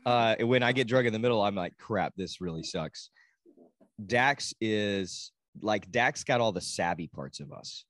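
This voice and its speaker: A man's voice: lowish voice, moderate pace, hardly any pauses, dry recording, studio quality. A man in casual conversation, animatedly telling stories about his kids and acting out what people said. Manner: animated storyteller, acts out quotes. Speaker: podcast guest, father. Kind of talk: casual storytelling chat.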